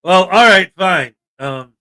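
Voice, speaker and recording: A man hosting a casual livestream chat, joking and animated with sudden loud bursts. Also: sits high, slow pace. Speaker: livestream host.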